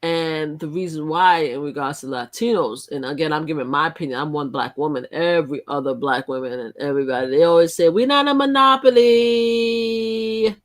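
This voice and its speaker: A woman's voice: low voice, brisk, hardly any pauses. A middle-aged woman hosting a live stream, talking in a rambling, emphatic way with frequent restarts. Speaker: livestream host. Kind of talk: casual live-stream commentary.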